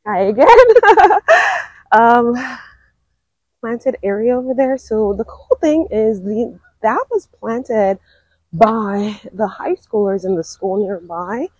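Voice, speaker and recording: Husky-voiced young woman vlogging outdoors. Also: a little high, expressive, slow, a little mellow, no room sound, rough recording. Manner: chatty, lots of "like" and "um". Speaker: wildlife vlogger. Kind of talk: casual walking vlog narration. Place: outdoor park lake.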